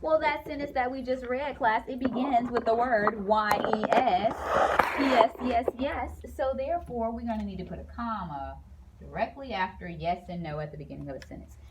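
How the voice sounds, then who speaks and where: A woman's voice: on the high side, normal speed, very noisy. A woman teacher giving a classroom grammar lesson, playful and sing-song, acting out the example sentences.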